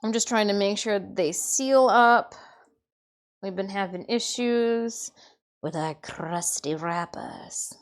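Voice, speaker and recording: A woman's voice: medium pitch, slow pace. Chatty, sweary woman from Michigan. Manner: chatty and swears freely, drifting into quiet muttering. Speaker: livestreamer. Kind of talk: casual live-stream chat while cooking.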